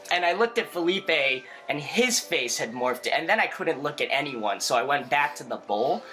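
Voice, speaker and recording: Bright-voiced young man telling a story. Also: a little high, unhurried, soft background music. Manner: animated, laughs often, many fillers. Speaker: podcast co-host. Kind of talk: casual storytelling chat.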